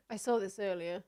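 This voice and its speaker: A young woman streaming, chatting casually while reacting to videos, laughing often and letting out loud disgusted exclamations. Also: fairly high pitch.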